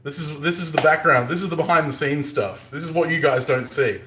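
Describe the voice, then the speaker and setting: The background is noisy as this Australian bladesmith talks a little fast in a fairly high-pitched voice. Chatting casually on a live stream from his forge, he jokes, puns and laughs often, with the workshop's echo all around.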